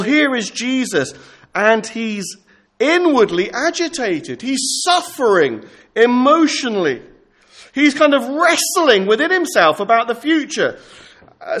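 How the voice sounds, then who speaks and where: A man preaching an earnest pastoral sermon, slowing down to dwell on scripture quotations. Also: very high-pitched, a bit bright.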